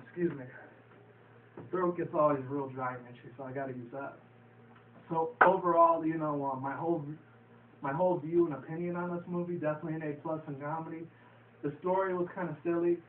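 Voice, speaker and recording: A man's voice: fairly high pitch, steady tone, fairly quick, slight background noise. Rambling young man on a tinny far-off mic. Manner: rambling, profane, laughs at his own retelling. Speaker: vlogger reviewing a movie. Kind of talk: casual rambling movie review. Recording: echoey phone-quality audio from a distance.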